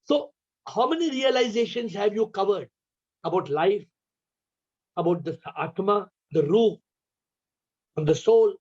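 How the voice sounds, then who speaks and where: A man's voice: sits high, expressive, measured pace, pauses often, a little mellow. A man with an Indian English accent gives a spiritual talk on a video call, asking his listeners question after question. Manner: asks the audience repeated questions. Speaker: spiritual teacher. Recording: dull lo-fi call audio.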